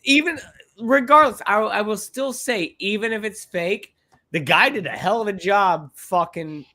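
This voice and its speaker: A man co-hosting a casual live podcast, reading a document aloud and breaking in with animated, swearing asides. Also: sits high, unhurried. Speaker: podcast co-host.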